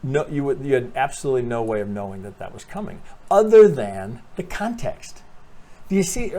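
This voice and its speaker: A man giving a casual chart walkthrough as a trading analyst, talking animatedly, swearing freely and thinking out loud with lots of restarts. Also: medium pitch, lively intonation, moderate pace.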